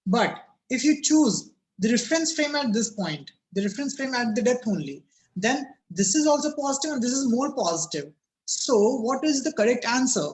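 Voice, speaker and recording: A man's voice: very high-pitched, sing-song, normal speed. A man teaching a physics class over a video call, his voice cracking, repeatedly asking students "yes or no?" and telling them to think about it.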